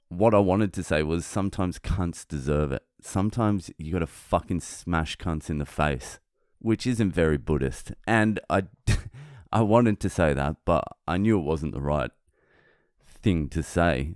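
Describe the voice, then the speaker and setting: A man's voice: very deep voice, measured pace, clear, resonant tone, dry recording. A male comedian hosting a podcast, telling a blunt, heavily sweary story into a close mic. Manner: blunt, heavy swearing, animated. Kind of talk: profane storytelling monologue.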